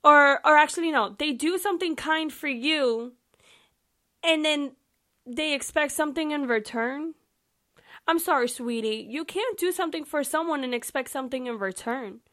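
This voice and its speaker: A woman's voice: sits high, normal speed. A young woman hosting a podcast, reading the Bible aloud and commenting on it in a casual, emphatic, chatty way, talking straight to her listeners. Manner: animated, emphatic and chatty, addressing listeners directly. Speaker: podcast host.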